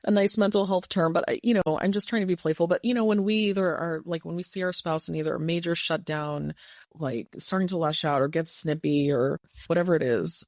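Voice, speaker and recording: Gravelly, dry-sounding advice podcast host. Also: mid-range voice, brisk, dry recording. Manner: gentle, reflective, slightly playful. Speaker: podcast host and couples coach.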